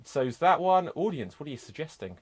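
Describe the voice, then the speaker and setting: A man's voice: a little high, very animated, a little fast, over a noisy crowd. Chatty man hosting improv. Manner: upbeat, loose, lots of fillers and asides. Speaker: improv show host.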